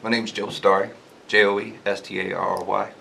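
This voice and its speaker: Gravelly-voiced Southern man, earnest. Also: lowish voice, little pitch movement, a little fast, noisy background. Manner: earnest, pleading, repeats his point. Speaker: resident giving public comment. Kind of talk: public hearing comment.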